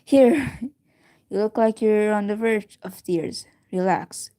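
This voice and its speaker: Woman reader doing a laid-back storybook guy, light and joking, a bit brighter and louder. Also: mid-range voice, slow, lightly acted. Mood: teasing.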